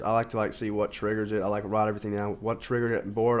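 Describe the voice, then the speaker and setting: A man's voice: on the low side, monotone, fast, few pauses. A man talking casually in a rambling self-help monologue, full of fillers and restarts. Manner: informal, says "like" constantly. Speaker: video host.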